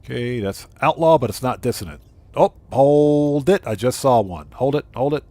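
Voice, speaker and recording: A man streaming a video game live, chatting casually, reading viewers' messages aloud and thanking them, with his voice going hoarse. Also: medium pitch, animated, moderate pace, warm tone, dry recording. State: losing his voice. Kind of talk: casual live gameplay chat.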